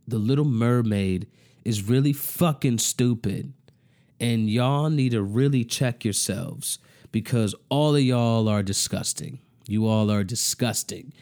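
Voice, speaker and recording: A vlogger rants angrily to camera in a medium-pitched, darkish voice. He swears heavily and keeps repeating himself out of exasperation.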